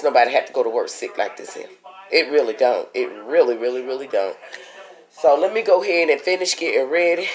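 A woman, sick with a cold and short of breath, chatting and complaining to her viewers in a casual video diary. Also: extremely low pitch. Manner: complaining, talkative, addresses viewers as y'all. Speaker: vlogger.

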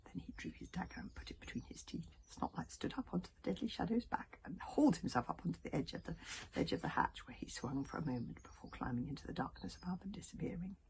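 A woman in a whispered storybook reading, narrating a children's adventure and now and then adding her own asides. Her voice is low but moves widely, and much of it is breathed in a hush. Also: expressive, fast. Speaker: reader.

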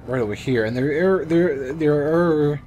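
A young man gives rambling, excitable let's play commentary and swears now and then. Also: a little high, a little slow. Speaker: gamer. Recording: noisy background ambience.

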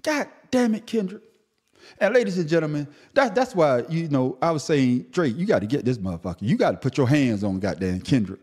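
A man hosting a podcast, giving an animated solo commentary that swings between a low grumble and high-pitched outrage, often stammering. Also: fairly quick, hardly any pauses, breathy edge. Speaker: podcast host.

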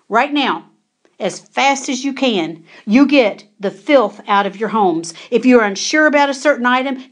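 A woman preacher delivers an urgent warning sermon, firing off repeated commands and pointed rhetorical questions at her listeners. Her voice sits a little high for a woman.

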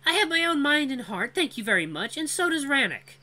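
A storyteller voicing a clever, sharp-tongued young female wolf who runs a bakery. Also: high-pitched, big pitch swings, voice pushed up, full character voice. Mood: sassy. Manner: quick, sassy, sharp.

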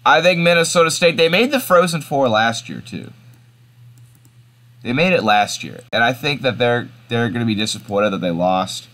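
A man's voice: medium pitch, lively intonation, moderate pace, a bit bright. A young man hosting a sports picks show, talking casually, hesitating and thinking aloud with restarts and slang.

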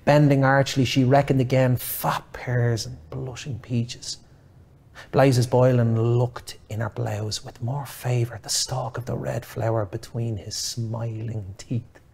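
A man giving a dramatic literary reading, measured, shifting his voice for the dialogue. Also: medium pitch, flat delivery, creaky, darkish tone, slightly rough. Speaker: reader.

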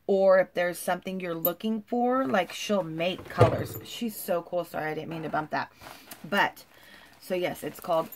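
A woman's voice: on the low side, slight background noise. A woman vlogging at home in a chatty, gushing way, full of "like" and "you guys". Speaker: lifestyle vlogger. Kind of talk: casual chat to camera.

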